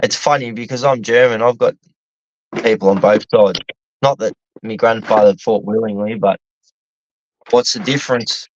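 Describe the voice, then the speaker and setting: A man's voice: fairly low pitch, fairly even intonation, moderate pace, pauses often, slight background noise. A middle-aged Australian man chatting casually, rambling and swearing as he thinks aloud. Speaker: podcast co-host. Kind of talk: casual chat. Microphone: online call mic. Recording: dull lo-fi dry sound.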